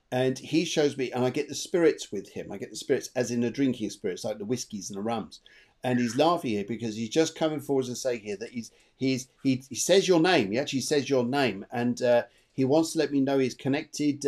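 A man's voice: mid-range voice, darkish tone. A man co-hosting a live online show, giving a chatty, rambling tarot reading and repeating his phrases. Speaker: tarot reader and co-host.

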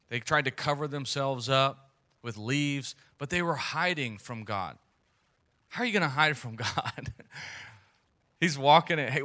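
A man's voice: medium pitch, sharp tone. A man in his thirties preaching an earnest, conversational sermon, repeating phrases as he goes. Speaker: pastor.

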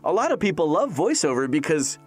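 A man in his thirties answers interview questions in a fairly high, animated voice. He jokes and laughs easily and keeps a loose, chatty flow with plenty of "like" and "uh". Soft music sits faintly underneath. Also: brisk, husky. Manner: animated, jokey, laughs often, restarts with "uh" and "like". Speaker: voice actor.

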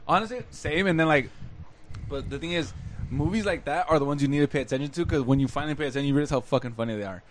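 Fast-talking blunt young man. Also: fairly high pitch, a little hiss or hum. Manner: blunt, slangy, swears freely. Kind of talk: casual chat.

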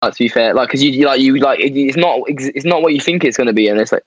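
A man's voice: mid-range voice, very fast, husky, lo-fi sound. A young Englishman in a band, chatting casually as an interview guest, rambling and laughing often. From England. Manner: rambling, laughs often, fillers like "mate" and "to be fair".

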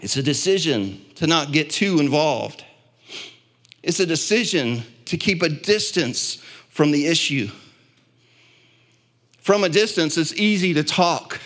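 A man preaching a sermon as pastor, building to impassioned peaks and dropping to quiet, low stretches. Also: expressive, a little slow, long pauses. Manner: impassioned preaching, swelling louder and higher at peaks.

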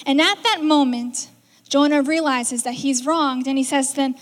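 High-voiced woman preaching in a hall. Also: normal speed. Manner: conversational, acts out quoted lines. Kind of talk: sermon. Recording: reverberant hall.

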